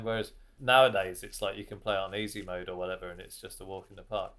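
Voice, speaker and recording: A man, a comedian chatting as a podcast guest, self-deprecating and quick to laugh. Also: on the low side, flat delivery. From Birmingham, England. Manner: self-deprecating, laughs easily, trails off quietly. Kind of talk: casual podcast chat.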